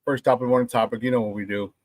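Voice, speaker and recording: A man's voice: medium pitch, fairly even intonation, racing, a little mellow, no echo. A man hosting a casual sports talk show, brash and profane, trash-talking rivals and laughing often between remarks.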